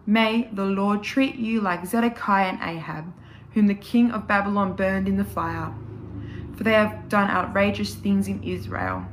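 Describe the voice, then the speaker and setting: A woman reading a scripture passage aloud in a church service, in a measured, steady and solemn way. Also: medium pitch, slight background noise, rough recording. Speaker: scripture reader.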